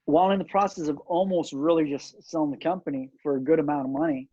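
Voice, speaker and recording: Middle-aged male guest, earnest and halting, somewhat higher voice, dry lo-fi sound. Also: dark tone, no echo. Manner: earnest storytelling with many fillers and restarts. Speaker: cigar company owner, guest. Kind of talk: casual interview chat. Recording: dull, dry lo-fi audio.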